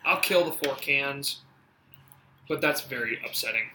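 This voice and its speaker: A man's voice: medium pitch, measured pace, sharp tone, slight background noise. A man in his twenties co-hosting a podcast, joking and swearing freely in casual chat. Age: 20s. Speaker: podcast co-host.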